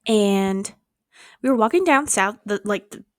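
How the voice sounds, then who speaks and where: Young woman vlogger, casual storytime, lively with voiced-out quotes, dry close bedroom sound. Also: measured pace, no room sound. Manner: animated, swearing, acting out quotes with big pitch jumps.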